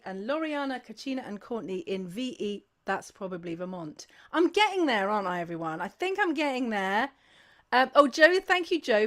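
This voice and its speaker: A woman's voice: fairly high pitch, a bit bright. Chatty woman hosting a livestream. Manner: chatty, reads out viewers' names and places; effusive, gushing thanks. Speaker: host of a sing-along livestream. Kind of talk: casual livestream chat.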